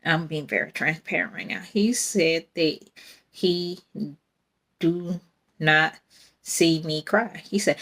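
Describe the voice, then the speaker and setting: A woman's voice: on the low side, takes it slowly, a bit bright. A young adult woman, hosting a casual faith podcast in a rambling, candid way and laughing often. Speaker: podcast host.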